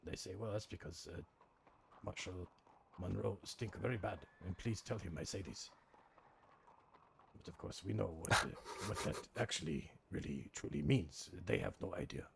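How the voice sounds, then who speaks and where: A man's voice: low-pitched, moderate pace, background noise. A man playing a defiant foreign-born outlaw who tells his story in broken English and swears bluntly. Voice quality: gravelly and husky. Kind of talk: roleplay in a western game.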